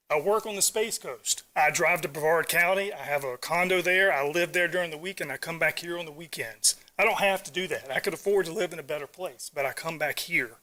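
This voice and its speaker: A middle-aged man speaks at a county council podium, earnest and halting. His voice is bright and forceful and sits a touch high, and he stumbles over his words as he holds back emotion. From Virginia Beach area, US. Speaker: public commenter. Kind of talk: public comment at a council meeting.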